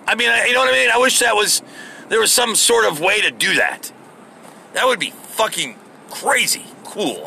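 Gravelly, bright-voiced ranting man. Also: fairly high pitch, a little hiss or hum. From United States. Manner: profane, exasperated ranting. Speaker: podcast host. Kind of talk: casual solo rant.

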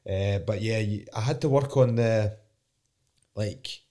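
A man's voice: on the low side, slow, mellow. A young man with a Scottish accent, a professional fighter talking candidly in a casual interview, rambling and swearing now and then.

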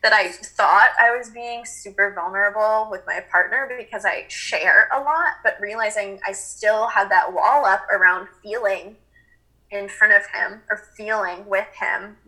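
Woman, bright clear tone, earnest, reflective, fillers, casual spiritual chat. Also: medium pitch, a little slow, low-quality recording.

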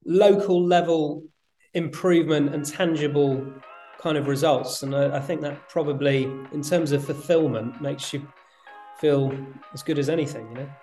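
A man talking casually as a guest on a podcast, animated, laughing often and repeating words for emphasis. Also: a little high, moderate pace, soft background music. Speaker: guest, retail executive.

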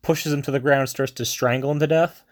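A man's voice: medium pitch, steady tone, a little fast. A man casually retelling a film plot in a rambling way, with many fillers and asides.

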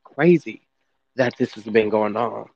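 Halting man gossiping on a podcast. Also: on the low side, gravelly, darkish tone, no echo, lo-fi sound. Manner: halting, many fillers and restarts. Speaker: podcast co-host. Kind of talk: casual gossip chat.

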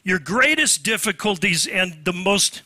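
A pastor preaching with a high, very bright and sharp voice. He swings between loud, climbing lists and soft, low asides. The sound is close and dry. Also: big pitch swings, unhurried, dry recording. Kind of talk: sermon.

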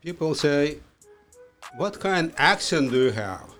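Male guest in a studio. Slow, halting, playful delivery with non-native grammar. Slightly high voice, faint music under it. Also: animated, a bit bright. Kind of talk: casual interview chat.

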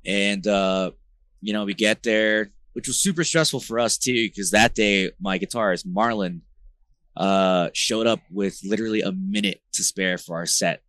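A man from New Jersey, a band vocalist, talking as a podcast guest in a rambling, slang-filled way with lots of fillers, getting animated as he tells stories. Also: fairly low pitch, normal speed, no echo. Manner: rambling, filler-heavy slang talk with frequent "like" and "bro"; animated, gets louder when retelling tense moments. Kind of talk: casual conversational storytelling.

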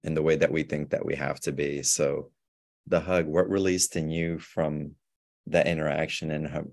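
A man, a podcast guest, speaking about spirituality in a calm, measured, reflective way. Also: a bass voice, creaky.

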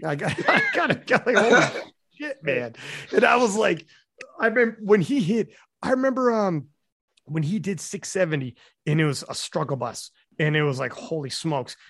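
Podcast host, male, lively storyteller with swinging pitch, a bit high, dry close sound. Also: moderate pace, husky, no room sound. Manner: animated storytelling, swears freely, acts out quotes. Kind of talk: casual podcast chat.

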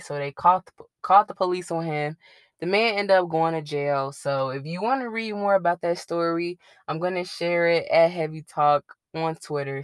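A woman's voice: lowish voice, clear, resonant tone, dry recording. A young woman hosting her own podcast, chatting casually and rambling a little, with the odd stumble over her words. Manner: conversational, rambling, admits getting tongue-tied. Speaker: podcast host. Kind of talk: casual solo podcast commentary.

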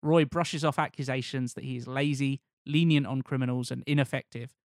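A man's voice: medium pitch, fairly even intonation, brisk, a little mellow, no echo, clean studio sound. A man co-hosting a casual podcast chat, presenting a cast list and reading a plot from notes in a laid-back way, swearing now and then. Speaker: podcast co-host presenting a film pitch.

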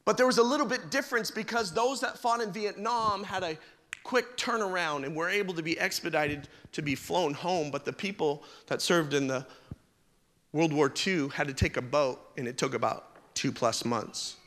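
Bright-voiced male preacher in a reverberant hall. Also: fairly high pitch, moderate pace. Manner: jokey, conversational preaching. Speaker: pastor. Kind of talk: sermon with humorous stories.

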